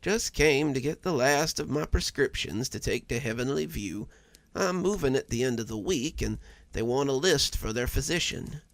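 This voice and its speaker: Man playing an older widow, shut-in, gentle and polite, soft-spoken, storybook reading, gravelly dry voice. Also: mid-range voice, expressive, moderate pace, no room sound, lightly acted.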